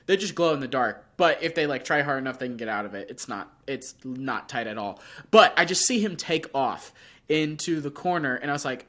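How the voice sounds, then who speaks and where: A young man, sick with a sore throat, co-hosting a podcast and telling an animated story in casual chat, acting out his own reactions. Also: fairly high pitch, brisk. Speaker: podcast co-host.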